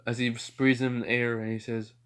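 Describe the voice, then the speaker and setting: A man making up a fan story as he goes in a casual, rambling way. He sighs often and stops to correct himself. His pitch sits in an ordinary middle range. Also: flat delivery, normal speed, a bit bright, smooth. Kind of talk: casual improvised story narration.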